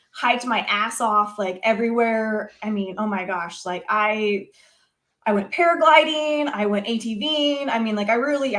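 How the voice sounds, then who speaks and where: A young adult woman telling a story as an interview guest, casual and animated, with many fillers. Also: mid-range voice. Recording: echoey room.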